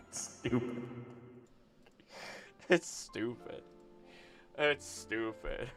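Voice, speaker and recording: A man chatting on a livestream as he works on a drawing. He mutters and talks to himself, swearing casually. His pitch runs a little high and moves around a lot. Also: expressive, measured pace, long pauses, bright, forceful tone, soft background music. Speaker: streamer and voice actor.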